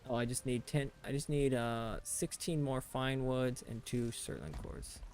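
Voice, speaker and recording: A man's voice: mid-range voice, steady tone, a little slow, darkish tone, slight background noise. Chatty American man streaming a game. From United States. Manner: rambling, chatty, talks to chat. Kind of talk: casual chat while gaming.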